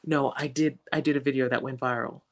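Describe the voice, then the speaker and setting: A woman from West Africa talking as a guest in a casual interview, animated and laughing often. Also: extremely low pitch, fairly quick, vocal fry. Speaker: guest, social media creator.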